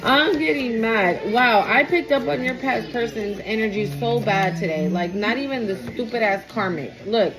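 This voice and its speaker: A woman's voice: on the high side, normal speed, hardly any pauses, poor audio. A woman giving a casual tarot reading, blunt, emphatic and full of swearing. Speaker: tarot reader.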